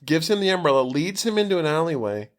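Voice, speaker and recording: A man's voice: a little high, sing-song, fast. A man co-hosting a podcast, casually recapping a movie plot in a rambling way, swearing freely and saying "like" constantly. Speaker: podcast co-host.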